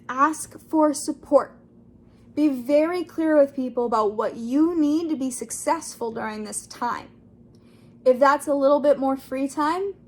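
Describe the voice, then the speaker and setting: Bubbly high-voiced young woman. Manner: bubbly, acts out quoted voices. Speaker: writing vlogger. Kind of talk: casual talk to camera.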